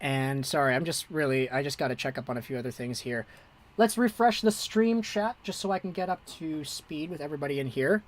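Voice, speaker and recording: An amateur livestream host calling a hockey game play by play, excitable and breathless. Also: medium pitch, brisk, a little hiss or hum.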